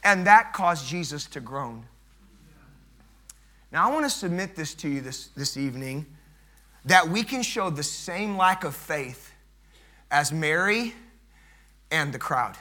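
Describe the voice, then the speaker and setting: A man preaching an evening sermon, emphatic and repetitive, swelling loud and dropping soft. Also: fairly high pitch, expressive, unhurried, long pauses.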